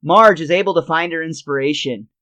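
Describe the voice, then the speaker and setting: A man's voice: on the high side, brisk, pushed and bright. A man co-hosting a podcast, retelling a cartoon episode scene by scene in casual chat and laughing often. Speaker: podcast co-host.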